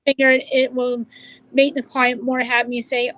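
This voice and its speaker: A woman's voice: on the high side, flat delivery, moderate pace, a bit bright, dry recording, poor audio. A woman who works as a psychic medium, talking earnestly in an interview and explaining at length with restarts. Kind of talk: casual interview talk.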